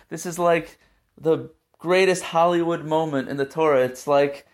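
A man's voice: on the high side, steady tone, moderate pace. A man giving a weekly Torah portion talk as a teacher, telling the story in an earnest, emotional way.

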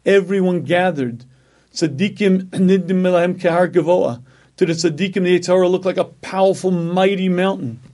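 A man giving a sermon, clearing his throat often and stressing points by repeating words. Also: sits high, normal speed, a little mellow. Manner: frequent throat clearing, emphatic repetition. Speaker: rabbi giving a talk.

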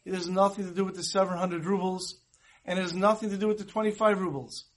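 A man gives a relaxed, storytelling Torah class in a fairly high voice. He talks conversationally and drops Hebrew and Yiddish terms in as he goes. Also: quick pace. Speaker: rabbi teaching a Torah class. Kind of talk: storytelling sermon.

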